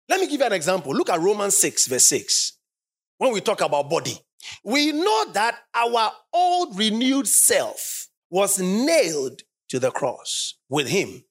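Animated preacher with wide-swinging pitch. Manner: call-and-response with the congregation; emphatic, repeats phrases for stress. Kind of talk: sermon. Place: church service.

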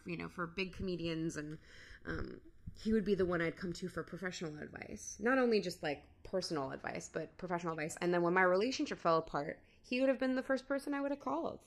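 A woman speaking as a guest in a podcast interview, reflective and candid, often pausing and restarting. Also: fairly low pitch, creaky. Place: in-person studio interview.

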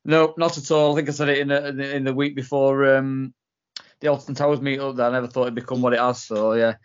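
A man's voice: mid-range voice, flat delivery, fast talker. A British man co-hosting a podcast, easygoing and hesitant, often restarting his sentences. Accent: British English. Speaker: podcast co-host. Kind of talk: casual podcast banter. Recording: slightly dull-sounding podcast audio.

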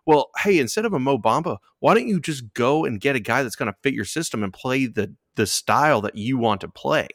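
A man's voice: medium pitch, animated, a bit bright, dry recording. Frustrated, swearing man, dry sound. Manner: profane, frustrated, drawn-out analogies. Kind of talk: heated casual sports talk.

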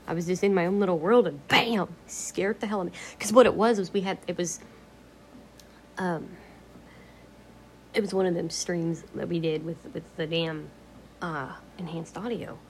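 A woman chatting on her home vlog in a loose, rambling way, cursing freely and laughing as she goes. Her voice sits a little low, and at times she drops to a whisper. A faint hiss of room noise runs behind her. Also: steady tone, normal speed, pauses often, darkish tone. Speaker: vlogger. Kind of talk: casual rambling chat.

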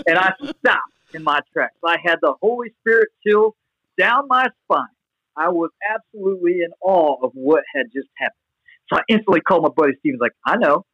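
A young man telling a personal story in a casual, rambling way, full of restarts and fillers, then getting animated as it builds. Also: sits high, brisk, breathy edge, no echo, highs cut off. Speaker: guest sharing testimony.

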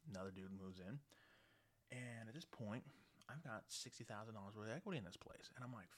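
A man telling a story casually, blunt and animated, swearing freely. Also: on the low side, fairly quick.

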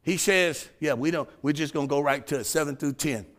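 A male pastor preaching a sermon, building to shouts and sung, chanted phrases. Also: fairly high pitch, brisk.

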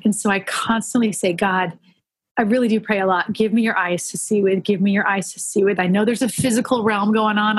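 A woman guest telling earnest faith stories in a podcast conversation, animated and full of restarts. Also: mid-range voice, no room sound. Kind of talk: faith-based conversational storytelling.

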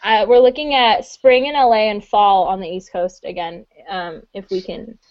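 A woman's voice: mid-range voice, fairly even intonation, moderate pace, no echo. A woman co-hosting a podcast in casual chat, rambling with fillers and laughing a lot. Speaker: podcast co-host and convention organizer. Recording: muffled lo-fi recording.

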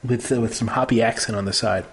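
A man's voice: lowish voice, fairly even intonation, quick pace. A man hosting a casual beer tasting chat, joking and describing flavors and brewery facts. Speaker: host.

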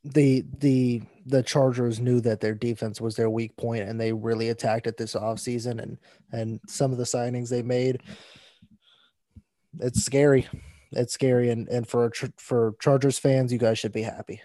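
Flat-voiced man talking sports. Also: medium pitch, normal speed, no echo. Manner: flat, repeats words as he restarts. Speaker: podcast co-host. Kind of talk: casual sports chat.

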